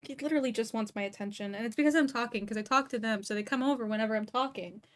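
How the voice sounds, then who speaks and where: A young woman chats casually on a livestream, laughing a lot and getting distracted while she fusses over and talks to her cat. Her voice is fairly high-pitched and she talks very fast.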